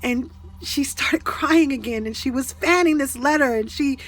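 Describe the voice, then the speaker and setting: Speaking at a normal pace in a high-sitting voice, this spiritual speaker tells her followers a personal spiritual story with great earnestness. She's emotional and sometimes close to tears, repeats herself, and frequently starts sentences over.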